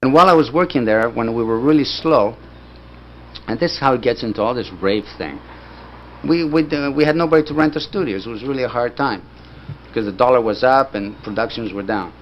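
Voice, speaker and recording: A man's voice: medium pitch, fairly quick. Older man telling a story, lo-fi. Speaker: filmmaker recounting his career. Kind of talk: casual anecdotal storytelling. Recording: dull lo-fi recording with faint background noise.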